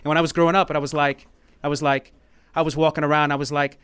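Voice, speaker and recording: A man's voice: a little high, little pitch movement, fast, fairly bright tone, clear, resonant tone. A man from the United States telling a personal story at a live showcase, rambling and repeating himself in a heartfelt way, with bits of song. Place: small venue in Paris.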